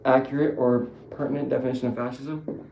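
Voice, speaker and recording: Gravelly man ranting casually, echoey room. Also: mid-range voice, little pitch movement, a little fast, dull audio, background noise. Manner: rambling, profane, self-correcting. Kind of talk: casual political monologue. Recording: echoey room with faint ambience.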